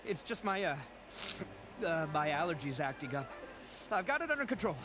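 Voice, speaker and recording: An actor voicing a brash, boastful young oni gang boss in a video game, loud and blustering, stammering when he is caught out. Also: a little high, big pitch swings, normal speed.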